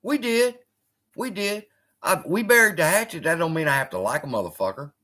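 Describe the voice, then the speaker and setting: Brisk and on the high side, a man's voice carries his live stream as he chats casually and swears often while answering viewers. The host comes across as animated and profane, heckling the chat.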